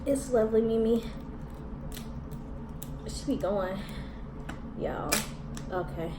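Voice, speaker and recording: A woman's voice: medium pitch, slow pace, pauses often. A woman vlogging a mukbang, chatting casually in slang while eating and talking with her mouth full. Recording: echoey room from a distance with background noise.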